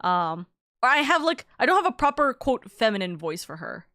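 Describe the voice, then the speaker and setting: With a highish, sharp-toned voice that swings widely in pitch at a normal speed, a young adult streamer rambles casually through her live stream, cursing freely and leaning on "like" and other fillers. The sound is studio quality, with no echo.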